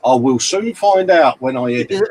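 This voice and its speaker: A middle-aged man chats casually on a live stream, reading out viewer messages with matey banter. His pitch sits in a middle range. Faint background noise hangs behind him. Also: lively intonation, moderate pace. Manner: matey banter, reads viewer comments aloud. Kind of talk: casual chat.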